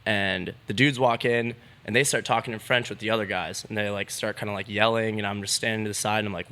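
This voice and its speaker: Bright-voiced young man telling a wild story. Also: fairly low pitch, fairly even intonation, fast, few pauses. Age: young adult. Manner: laid-back, swears freely, lots of "like". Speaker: BMX rider, podcast guest. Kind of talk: casual storytelling.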